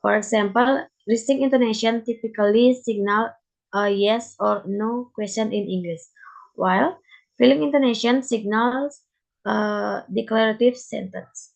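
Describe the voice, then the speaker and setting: A woman's voice: a little high, unhurried, vocal fry, low-quality recording. A young woman giving a class presentation, reading carefully from slides and often repeating words. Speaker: student presenter.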